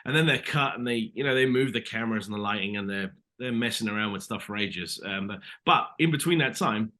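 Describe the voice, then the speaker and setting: A British man in his thirties chats as an interview guest, the words pouring out fast. His voice sounds bright and forceful. He rambles through his stories with plenty of restarts and an easy "mate" thrown in. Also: lowish voice. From Britain. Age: 30s. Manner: rambling storyteller, many restarts, says mate. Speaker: actor guest. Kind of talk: casual interview chat.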